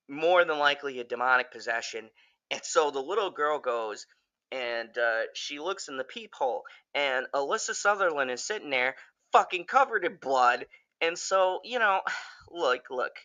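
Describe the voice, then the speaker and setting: A man giving a casual, profane, rambling spoken review of a horror movie, getting excitable and jumping up in pitch when he quotes characters. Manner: jumps high when quoting characters.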